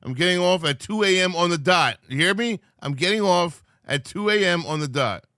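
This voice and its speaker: A man's voice: sits high, animated, normal speed, sharp tone, dry recording, studio quality. A sleepy man hosting a livestream, chatting loosely with viewers and teasing them. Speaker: livestream host. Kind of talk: casual livestream chat.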